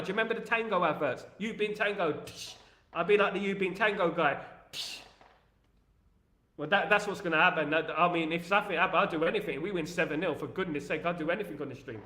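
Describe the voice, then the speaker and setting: A young man with an East London accent, hosting a casual live stream and reading viewer comments aloud in an animated way. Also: high voice, roomy sound. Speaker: livestream host.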